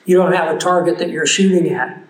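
A man's voice: fairly high pitch, brisk, roomy sound, poor audio. A man preaching a sermon, telling a personal story in an earnest, conversational way.

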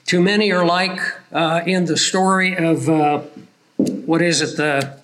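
A man preaching a sermon, slowing down to stress his points. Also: on the high side, fairly even intonation, fairly bright tone.

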